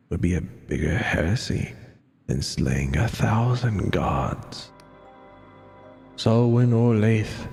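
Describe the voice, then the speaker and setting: A worn-out spectral echo of a dead sailor in a game, speaking in a tired, withered voice, as a man puts it on. The words crawl out slowly, rough with fry and grit over a middling pitch. A faint bed of music sits underneath. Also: a little mellow. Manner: slow, heavy storybook reading with low sinking tones. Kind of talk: reading game dialogue aloud.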